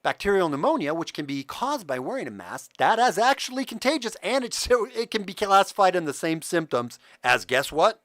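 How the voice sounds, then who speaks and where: Animated, heated man ranting on a livestream. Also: sits high, brisk, hardly any pauses, no room sound. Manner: talks to the chat directly. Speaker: livestream host.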